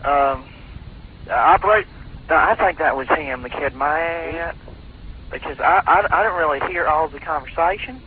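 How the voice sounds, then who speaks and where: Man, prank caller posing as operator, rambling, halting, slightly high voice, tinny phone sound. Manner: rambling, hesitant, mock-official. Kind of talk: prank call. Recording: tinny phone line, faint hiss.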